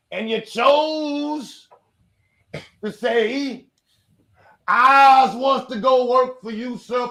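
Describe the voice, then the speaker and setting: A man mimicking a pleading male immigrant from the British Isles, in a high, shouted, mangled mock accent. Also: full character voice.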